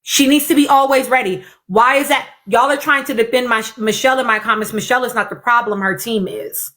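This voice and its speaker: A woman's voice: fairly high pitch, fairly quick, a bit bright. A woman hosting a casual podcast, speaking bluntly to her viewers, repeating herself and swearing freely. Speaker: podcast host. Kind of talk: casual opinion chat with live audience.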